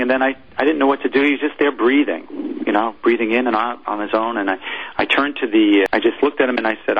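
A former military chaplain, a man, telling a personal story in an interview, halting and repeating words as he goes. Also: medium pitch, slightly rough, dull audio.

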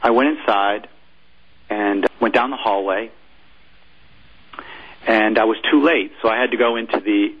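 A former military chaplain, a man, telling a personal story in an interview, halting and repeating words as he goes. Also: fairly low pitch, slightly rough, muffled recording.

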